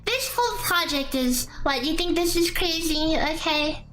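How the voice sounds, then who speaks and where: Bright, high-voiced chatty woman streamer. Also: lively intonation, measured pace, low-quality recording. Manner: chatty, rambling, playful asides. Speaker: streamer explaining a damage calculator. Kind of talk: casual live-stream explanation. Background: faint background music.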